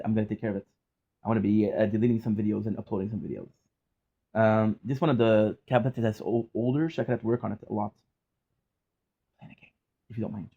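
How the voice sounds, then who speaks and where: A man's voice: mid-range voice, warm tone, husky, muffled recording. A young man chatting casually in a vlog from his apartment, rambling with restarts and casual swearing. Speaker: gaming vlogger. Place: hot apartment.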